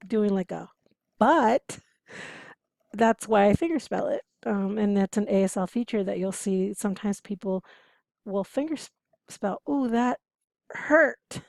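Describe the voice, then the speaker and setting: A woman's voice: medium pitch, vocal fry, warm tone, no echo. A woman teaching interpreting students in a conversational, explanatory way, posing rhetorical questions as she goes. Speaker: interpreting instructor. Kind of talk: lecture to students.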